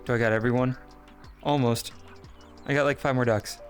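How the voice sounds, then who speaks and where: A man's voice: normal speed, faint music behind. Playful, giggly male streamer. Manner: playful and excitable, giggly, big pitch jumps. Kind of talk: casual live-stream chat while gaming.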